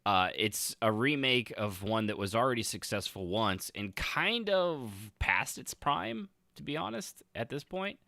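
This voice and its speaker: A man's voice: mid-range voice, expressive, a little slow, gravelly, hardly any pauses, sharp tone, dry recording, clean studio sound. A man in his thirties hosting a podcast, rambling sarcastically through casual commentary with lots of fillers and restarts. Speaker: podcast host.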